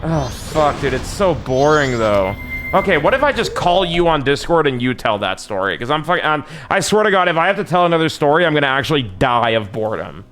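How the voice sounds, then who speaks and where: A man's voice: a little high, very animated, fairly quick, over music. A young man chatting casually on a live game stream, rambling and swearing, calling his viewers bro. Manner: rambling, profane, says bro a lot.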